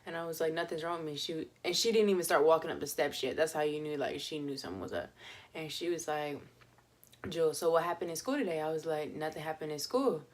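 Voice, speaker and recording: A woman's voice: low-pitched, fairly even intonation, fast talker. A young woman vlogger telling a story in a chatty, casual way, with lots of fillers and laughs.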